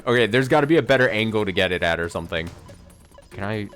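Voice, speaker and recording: A man's voice: fairly low pitch, animated, quick pace, fairly bright tone, soft background music. A man streaming a game live, commenting to himself in an exasperated way and swearing as he plays.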